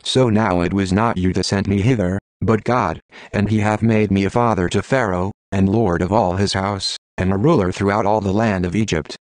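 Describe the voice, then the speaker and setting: Text-to-speech male voice, low pitch, dry close sound, scripture reading, measured clause-by-clause phrasing. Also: dry recording. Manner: steady, measured phrasing with a pause at every clause. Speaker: scripture reader.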